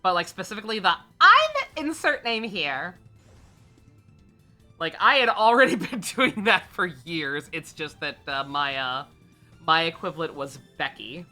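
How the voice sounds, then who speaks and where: A woman streamer talks through her game in a loose, rambling way, swearing and filling gaps with "uh" and "like." Her voice sits low but has a bright, forward edge, and faint music plays behind her. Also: moderate pace. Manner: rambling and profane, with frequent fillers and laughs. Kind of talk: casual live gameplay commentary.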